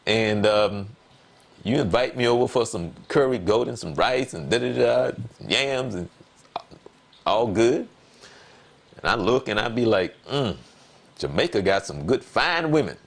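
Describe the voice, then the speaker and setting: A man in relaxed conversation on a talk show, telling a personal story. He leans on words and repeats them for emphasis. When he acts out what he said, his voice leaps up animatedly. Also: mid-range voice, measured pace, gravelly, pauses often. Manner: animated, voice jumps up when quoting himself. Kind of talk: casual conversation.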